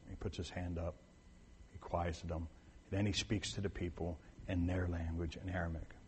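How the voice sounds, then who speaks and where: A low-pitched pastor preaches at normal speed in a level tone, his voice filling a big room alongside a little hiss or hum. He speaks conversationally, repeating points for emphasis and restarting or correcting sentences as he goes.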